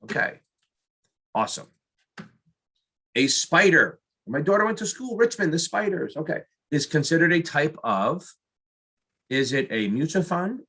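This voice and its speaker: Bright, husky middle-aged male tutor. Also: medium pitch. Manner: jokey, self-mocking, talks to himself while solving. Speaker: exam prep tutor. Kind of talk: thinking aloud through practice questions.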